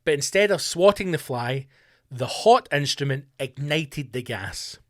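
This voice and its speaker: A man's voice: on the high side, lively intonation, measured pace. A man hosting a podcast, delivering a profane, mocking comedic rant. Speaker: podcast host.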